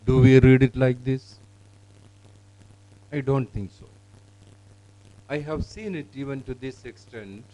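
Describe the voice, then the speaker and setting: Man demoing software, many fillers. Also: medium pitch, steady tone, takes it slowly, pauses often, muffled recording. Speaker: software presenter. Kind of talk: product demonstration.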